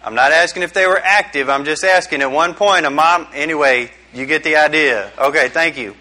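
A man's voice: on the high side, brisk, sharp tone. A middle-aged man giving a casual youth sermon, joking and quizzing his audience. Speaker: youth pastor. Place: small room with a group.

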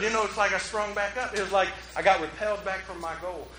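High, bright-voiced joking pastor. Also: male voice, fairly even intonation, fast talker, slight background noise. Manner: joking, self-mocking, talks with the congregation. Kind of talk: conversational sermon. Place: church. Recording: roomy hall echo.

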